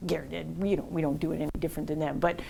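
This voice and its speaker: A woman giving a marketing workshop talk, telling a lively, blunt story and acting out the dialogue. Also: low-pitched, racing, creaky, a little hiss or hum. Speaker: workshop speaker.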